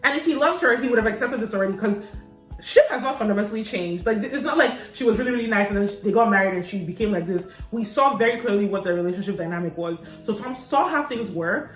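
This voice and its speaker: A woman's voice: mid-range voice, fast, far from the mic, faint music behind. Opinionated woman chatting in an echoey room. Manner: opinionated, animated, acts out characters' quotes. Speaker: podcast co-host. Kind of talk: casual chat.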